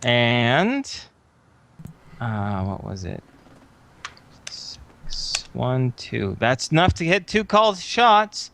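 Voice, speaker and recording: A man narrating a tabletop game as game master, thinking aloud with frequent filler pauses. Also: medium pitch, very animated, vocal fry, a bit bright.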